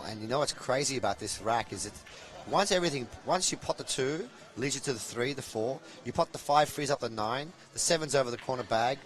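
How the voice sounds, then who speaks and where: A man's voice: mid-range voice, fairly bright tone, rough recording. A young adult man giving chatty, jokey live commentary on a pool match.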